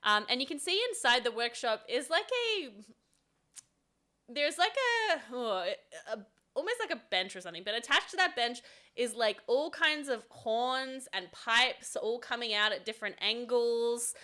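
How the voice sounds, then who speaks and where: A woman's voice: fairly high pitch, lively intonation, normal speed, pushed and bright. A woman narrating as dungeon master in a tabletop game, chatty and laughing often. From studied at a university.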